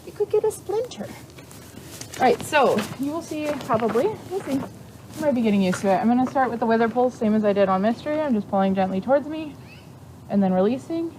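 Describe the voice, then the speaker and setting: A woman's voice: on the high side, lively intonation, fast talker, slight background noise, rough recording. A young woman teaching horse exercises in casual, chatty talk while working with a horse at a barn. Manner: chatty, explains freely, coos softly to the horse. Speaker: equine exercise instructor.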